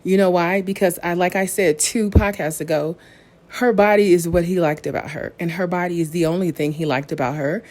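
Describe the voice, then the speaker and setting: A woman hosts a casual podcast recap and walks through each scene in detail with blunt, opinionated commentary. Her voice sits on the lower side and sounds mellow and warm. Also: fairly even intonation, a little fast. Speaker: podcast host.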